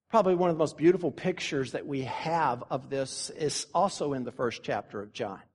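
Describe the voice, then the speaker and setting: A pastor preaching a sermon earnestly, slowing down to stress key phrases and pausing for effect. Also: male voice, sits high, big-room sound. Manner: earnest preaching with dramatic pauses and slow emphasis.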